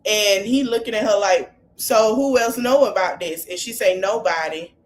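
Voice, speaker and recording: A woman podcast host with a medium-pitched voice recaps reality-TV scenes at normal speed, with slight background noise. Her casual retelling is chatty and gossipy, delivered in African American Vernacular English.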